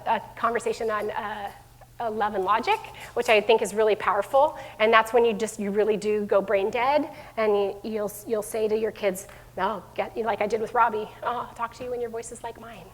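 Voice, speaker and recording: A middle-aged woman speaks to a room of parents in a chatty, unscripted way, full of fillers and self-corrections. Her voice sits a little high. The sound carries a long hall reverb. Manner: warm conversational speaker with many fillers and restarts. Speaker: school division head giving a parenting talk. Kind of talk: live presentation to parents. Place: room with an audience.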